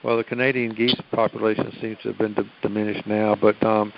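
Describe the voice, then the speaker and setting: A man from Virginia with a Southern twang, telling halting stories as a caller on a group call. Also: fairly low pitch, flat delivery, gravelly, lo-fi sound. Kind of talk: casual group call chat.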